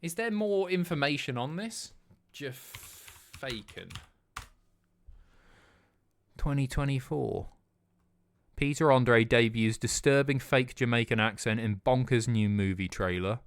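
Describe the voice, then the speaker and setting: A man's voice: mid-range voice, slow pace, pauses often. A man in his thirties, hosting a livestream in casual chat, with blunt, sweary, sardonic commentary. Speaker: livestream host.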